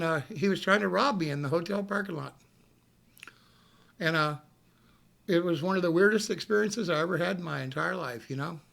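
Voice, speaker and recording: A man with a high, piercingly bright voice shot through with gravelly fry tells a story on a live stream. He talks casually and animatedly, curses without a second thought, and laughs as he goes. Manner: animated, swears freely, laughs while telling.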